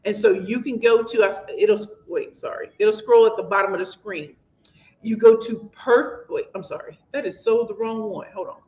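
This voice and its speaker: A woman's voice: medium pitch, normal speed, a little mellow. St louis woman preaching to her livestream, calls everyone y'all, roomy echo, kinda muffled. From St. Louis, USA. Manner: impassioned, preachy, addresses viewers as y'all. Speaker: author and host. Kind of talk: motivational livestream talk. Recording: echoey, dull lo-fi room sound.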